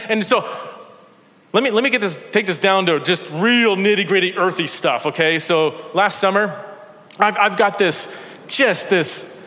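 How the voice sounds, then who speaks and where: A man with a high, fairly bright voice preaches a sermon in a church sanctuary, telling stories with energy and self-deprecating humor. The long reverb of the church hall carries through the recording.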